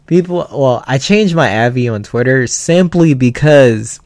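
A young man hosting a casual solo podcast, animated and profane, telling stories. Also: medium pitch, no room sound, clean studio sound. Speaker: podcast host.

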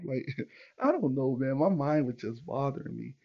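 A man's voice: medium pitch, lively intonation, brisk, gravelly, highs cut off. A young man, hosting a podcast and telling a rambling personal story to his listeners, with many fillers and asides. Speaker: podcast host. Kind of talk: casual storytelling monologue.

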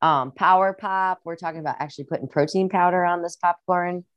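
With a lowish voice and a fairly quick pace, a young musician from the Midwest chats casually as a podcast guest, rambling a little. There's no room sound, and the high frequencies are cut off.

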